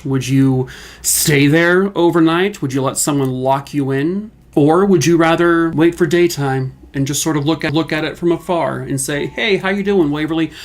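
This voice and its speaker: A man telling haunted house stories in a casual way, cracking irreverent, swearing jokes and asking the audience questions. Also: on the high side. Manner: jokey, irreverent asides with swearing. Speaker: haunted-place storyteller. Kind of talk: casual storytelling to viewers.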